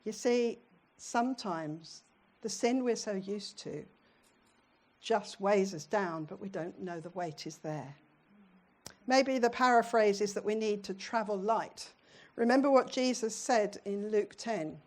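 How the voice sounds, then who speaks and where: A woman's voice: mid-range voice, unhurried, darkish tone. A middle-aged British woman preaching a sermon in a church, in a conversational way, often putting questions to her congregation.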